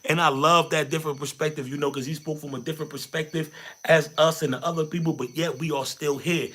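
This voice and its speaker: A man's voice: on the high side, steady tone, fast talker, a bit bright. A man hosting a livestream, rallying his viewers in a preachy way and repeating his phrases. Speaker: livestream host. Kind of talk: hyped motivational livestream chat.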